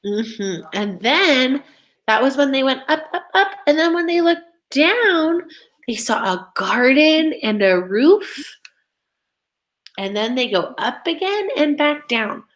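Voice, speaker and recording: Slow, lively-voiced woman teacher. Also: high-pitched. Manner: slow, expressive, sing-song reading aloud. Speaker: reading teacher. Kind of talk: online reading lesson for young children.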